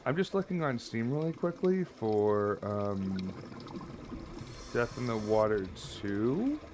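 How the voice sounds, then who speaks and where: A man streaming a horror game, commentating live and often yelling and swearing in panic. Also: on the low side, sing-song, takes it slowly, background noise.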